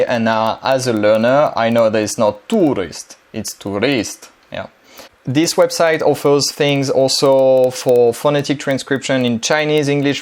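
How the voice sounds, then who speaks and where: Man explaining a tutorial. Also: mid-range voice. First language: French. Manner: relaxed, chatty explaining with frequent um and uh. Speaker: language-learning tutor. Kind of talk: casual screen-share tutorial.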